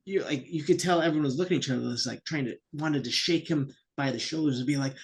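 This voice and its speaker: A man's voice: medium pitch, expressive, fairly quick, hardly any pauses, breathy edge. A man who is a podcast guest, talking casually and heatedly and swearing freely. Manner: heated, sweary, puts on voices when quoting. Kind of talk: casual chat.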